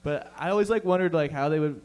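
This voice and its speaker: A man's voice: on the high side, fast, a little mellow. A young man doing a stand-up set, with profane, rambling, conversational talk. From Canada. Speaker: stand-up comedian.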